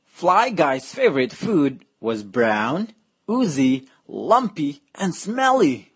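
Very slow, sing-song woman storyteller. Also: sits low, big pitch swings, slightly rough. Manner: slow, playful, exaggerated reading. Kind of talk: children's picture-book read-aloud.

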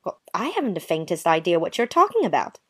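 This woman has a lowish voice whose pitch swoops wildly, and she speaks quickly. In a dramatized short story reading, she plays a prim, easily offended young woman replying with wounded, sarcastic courtesy.

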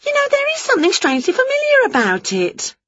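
Woman playing a shrill, nosy storybook witch friend, high and sing-song. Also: huge pitch swings, fast, fairly bright tone, no echo, muffled recording, exaggerated voice. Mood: gushing.

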